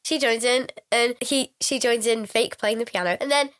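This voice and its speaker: A woman's voice: on the high side, normal speed, a bit bright. An Englishwoman co-hosting a podcast, chatting casually and playfully acting out characters' lines. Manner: playful, acts out characters' lines in funny voices. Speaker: podcast co-host. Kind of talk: casual chat.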